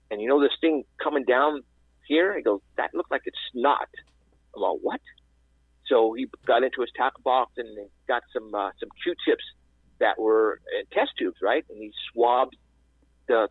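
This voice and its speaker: A man, calling into a radio show and telling a story in a rambling, animated way with lots of restarts. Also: mid-range voice, no room sound. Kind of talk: casual storytelling. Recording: dry, husky phone-line audio.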